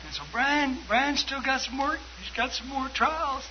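An older man preaching a testimony, fervent and storytelling, swinging between loud and hushed. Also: extremely high pitch, unhurried. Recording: dull lo-fi broadcast with faint hiss.

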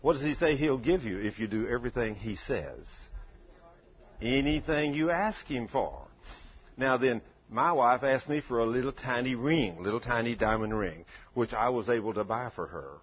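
An older man preaching a sermon in a folksy storytelling way that swells into loud fervor, in a dull lo-fi recording. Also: mid-range voice, animated, normal speed, husky.

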